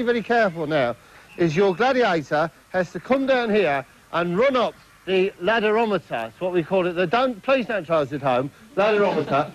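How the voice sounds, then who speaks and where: A man presenting a spoof TV show in a rambling, hesitant, self-promoting way. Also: high voice. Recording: dull lo-fi TV audio, faint noise.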